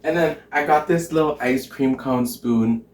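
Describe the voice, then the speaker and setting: A man talks through his recipe in a sassy, chatty way, muttering to himself as he cooks. His voice sits at a middle pitch. It echoes around the room and comes from some distance from the mic, with faint background noise. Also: measured pace, a little mellow. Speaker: cooking show host. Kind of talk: casual cooking demonstration. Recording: roomy echo, far from the mic.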